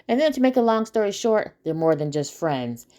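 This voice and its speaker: A woman's voice: mid-range voice, very animated, normal speed, mellow. A woman casually recapping a TV episode, chatty, with many fillers and asides to her viewers.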